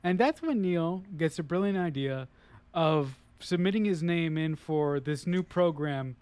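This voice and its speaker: A man with a notably high voice talks through a film's story in a relaxed discussion. He rambles and restarts his sentences often. The recording is dry and close, with no room sound. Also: a little slow, clean tone, no echo. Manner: retells the plot loosely, with many fillers and restarts. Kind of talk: casual film discussion.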